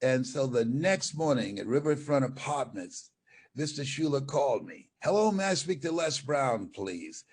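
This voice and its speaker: Speaking at normal speed with a medium-pitched, slightly rough voice, an older motivational speaker tells stories as a guest in an interview. He's an animated storyteller who acts out the dialogue.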